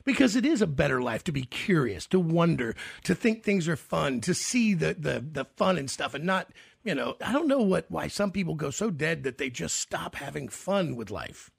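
Gravelly, husky male radio host. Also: on the high side, sing-song, no room sound, clean studio sound. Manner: halting, repeats words while searching. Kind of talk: casual radio interview chat.

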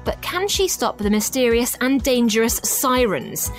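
A woman's voice: on the high side, very animated, unhurried, faint music behind. Chatty woman radio host. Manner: chatty, enthusiastic, with fillers. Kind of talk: casual presenting.

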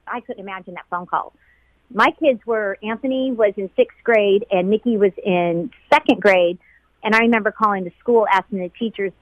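A woman's voice: mid-range voice, fairly bright tone, no echo. Tearful woman recalling a painful day. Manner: tearful, halting, repeats herself. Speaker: flight attendant interviewee. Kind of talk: emotional personal recollection. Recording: dull lo-fi sound.

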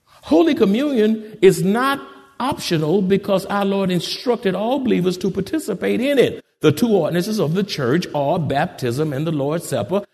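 High, lively preacher in an echoey hall. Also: male voice. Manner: fervent preaching, calls for amens from the congregation. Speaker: pastor. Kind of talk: sermon.

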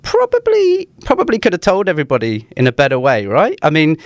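A man's voice: a little high, very animated, quick pace, no room sound, clean studio sound. A man with a London accent co-hosting a podcast in casual chat, wry and playfully goading. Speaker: podcast co-host.

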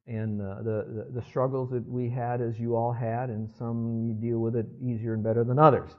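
A man's voice: medium pitch, little pitch movement, moderate pace. Male pastor, 60s, chatty sermon delivery, dull lo-fi sermon recording. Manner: conversational, asks the congregation for responses.

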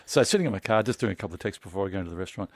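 A man hosting a show, telling a story in a casual, halting way with lots of restarts and an amused edge. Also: deep voice, animated, no room sound, clean studio sound.

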